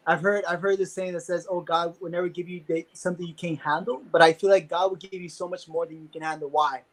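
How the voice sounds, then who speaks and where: A man's voice: on the high side, a bit bright, rough recording. A young man as an interview guest, talking earnestly and casually with many fillers.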